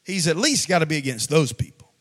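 Impassioned male preacher, higher voice. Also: sing-song, quick pace. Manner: impassioned preaching, swinging from shouted cadence to quiet aside. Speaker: pastor. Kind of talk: sermon. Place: church sanctuary before a congregation.

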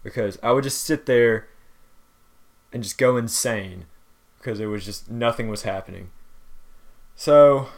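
A man's voice: medium pitch, a little slow, long pauses. Young man, casual podcast chat, acts out quotes. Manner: storytelling with acted-out quotes, drawling y'all. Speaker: podcast co-host.

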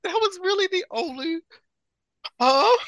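A woman's voice: very high voice, animated, slow, fairly bright tone, dry recording. A woman co-hosting a casual group chat, giggly and exclamatory. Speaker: podcast co-host.

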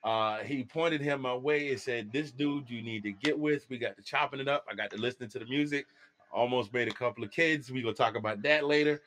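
A man hosting a podcast in a casual chat, jokey and animated, often laughing. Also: medium pitch, quick pace. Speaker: podcast host.

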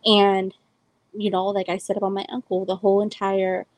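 A woman in her twenties from El Salvador hosts a podcast, telling a personal story in a loose, rambling way full of "like" and "um." Her mid-range voice comes across flat at a normal speed, and the recording is rough.

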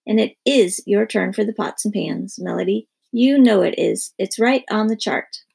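A woman's voice: medium pitch, normal speed, creaky, a little mellow, husky. A woman voicing a bossy little girl who insists on the rules in a children's story. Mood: insistent.

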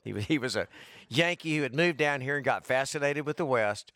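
A man preaching an expository sermon, talking conversationally with his congregation, calling on people by name and rising in pitch for emphasis. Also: brisk, no room sound, studio quality. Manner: conversational, calls on congregants by name, frequent "okay?" checks; animated, rises in pitch for emphasis. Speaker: pastor.

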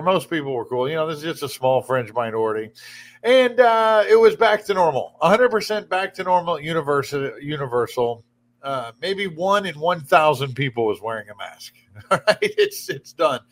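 A male radio host talks into a studio mic in a loose, opinionated monologue. His voice sits a little high. He rambles and doubles back on his sentences as he goes. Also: moderate pace. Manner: rambling, animated, restarts mid-sentence. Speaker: radio talk show host. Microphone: studio broadcast microphone.

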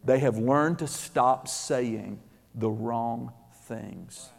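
A man preaching a sermon, animated, acting out quotes and rising to shouts. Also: mid-range voice, drawn-out words, vocal fry. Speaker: pastor. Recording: long hall reverb.

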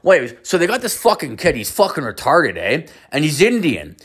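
A man's voice: on the high side, huge pitch swings, fairly quick, a bit bright, slightly rough. A man hosting a podcast, telling rambling stories in casual, profane slang. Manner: rambling, swears constantly, slangy. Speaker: podcast host.

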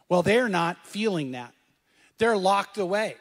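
A man's voice: high voice, animated, unhurried, husky, big-room sound. A middle-aged man preaching a sermon to a congregation, conversational, asking the room questions and repeating key phrases. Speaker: pastor.

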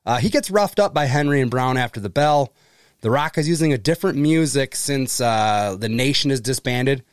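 A man's voice: medium pitch, expressive, normal speed, clear, resonant tone, no room sound, studio quality. A man co-hosting a podcast, recapping in casual chat, laughing often and swearing casually. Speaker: podcast co-host.

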